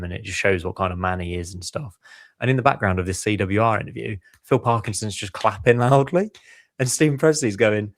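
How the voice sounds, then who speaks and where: A man's voice: fairly low pitch, a little fast, dry recording, studio quality. A man hosting a casual football podcast, chatty and enthusiastic, steering the conversation. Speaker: podcast host.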